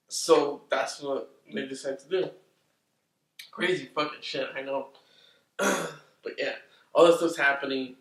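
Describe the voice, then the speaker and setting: A man casually recapping a film's plot, rambling, swearing often and getting excitable. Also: mid-range voice, measured pace, long pauses. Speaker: movie reviewer. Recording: roomy, distant from the mic.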